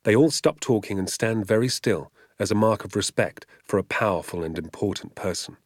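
Deep-voiced man reading an audiobook. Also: no room sound, clean studio sound. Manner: measured, vivid storytelling. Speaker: audiobook reader. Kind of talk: audiobook narration.

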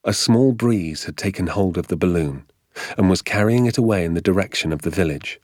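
Male audiobook narrator, very deep and lively, measured storytelling, dry close mic. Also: no echo. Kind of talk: scripted narration.

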